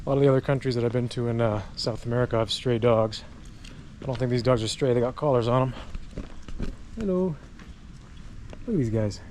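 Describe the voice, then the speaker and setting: A man's voice: medium pitch, steady tone, fast talker, darkish tone. A man talking casually to his camera as he walks outdoors, chatting and thinking aloud. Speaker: travel vlogger. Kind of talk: casual walking vlog narration. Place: outdoors on city streets and hill paths. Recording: street noise behind. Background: street and traffic noise.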